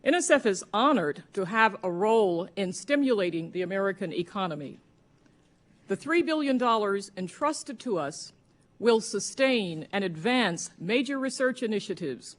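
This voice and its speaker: A woman agency official reading her prepared testimony to a congressional panel in a measured, formal way. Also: mid-range voice.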